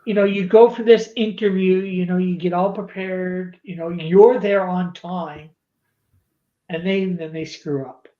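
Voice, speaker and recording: A man's voice: high voice, steady tone, unhurried, warm tone, muffled recording. A man chatting casually on a stream, hesitant and full of restarts and "you know"s. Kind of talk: casual chat.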